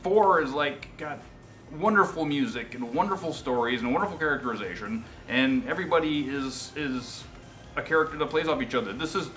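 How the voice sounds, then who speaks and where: A man's voice: fairly high pitch, a little fast, fairly bright tone, roomy sound, soft background music. Emphatic dramatic man. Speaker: reaction panelist.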